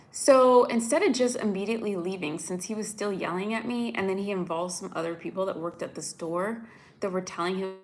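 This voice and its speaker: A young woman from the United States telling viewers a story in a chatty, animated way, full of "like"s, upset and close to tears. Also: medium pitch. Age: young adult. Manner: chatty, animated, many "like"s, addresses viewers directly. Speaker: vlogger. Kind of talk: casual storytelling to live viewers.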